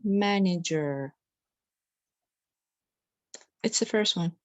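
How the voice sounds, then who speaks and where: A woman who speaks Arabic as her first language, answering a teacher softly and hesitantly as a student in an online English lesson. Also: on the low side, measured pace, dry recording, rough recording. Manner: hesitant, soft, unsure answers.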